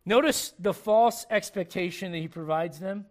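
A man preaching a sermon in church, humorous and animated, dropping to quiet asides and rising to shouts. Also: sits high, moderate pace. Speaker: pastor.

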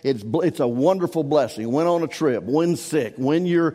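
A man's voice: fairly high pitch, lively intonation, normal speed, dark tone, big-room sound. A man preaching a sermon to his congregation, emphatic and repetitive, his voice rising and falling in force. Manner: emphatic, repeats key words, swells and drops in volume. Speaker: pastor. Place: church sanctuary.

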